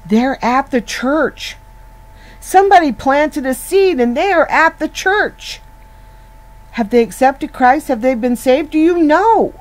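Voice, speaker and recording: Slow, earnest woman teaching scripture. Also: high-pitched, lively intonation, rough recording. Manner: earnest, conversational, repeats and restarts words. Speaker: Bible teacher. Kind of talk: informal Bible teaching.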